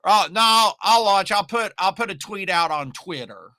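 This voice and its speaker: Man doing a whiny slacker voice, hesitant, wheedling, full of excuses, raised and nasal-bright tone. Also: high voice, expressive, unhurried, dry recording, heavily acted. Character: whiny reluctant adult man dodging work.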